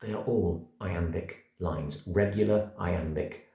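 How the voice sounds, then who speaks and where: A middle-aged Englishman with a low, mellow voice gives an acting masterclass. He leans hard on single words and beats out verse rhythms aloud. The room around him rings a little. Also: slow. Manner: emphatic, words spelled out one by one, rhythmic. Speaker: acting coach. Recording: echoey room.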